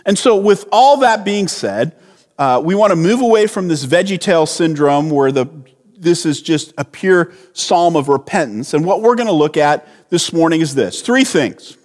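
A man preaching a sermon as pastor, earnest and unhurried, often restarting his phrases. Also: on the high side, animated, a little mellow, long reverb tail.

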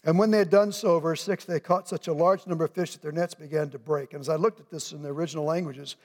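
High-voiced man preaching in a reverberant church. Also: fast talker. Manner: animated, acts out voices of people in the story. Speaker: pastor. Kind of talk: sermon. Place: church sanctuary. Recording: long reverb of a church hall.

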